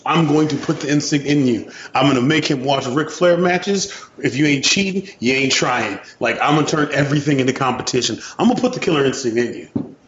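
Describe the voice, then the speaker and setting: A man's voice: medium pitch, fairly quick, a bit bright. A man co-hosting a podcast, talking casually and animatedly with boastful trash-talk. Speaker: podcast co-host. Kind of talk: casual chat. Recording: roomy, dull sound with faint noise.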